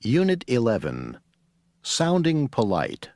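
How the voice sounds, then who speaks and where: Slow, measured male course announcer. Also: mid-range voice, wildly swooping pitch, a little mellow, no room sound, clean studio sound. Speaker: unit announcer.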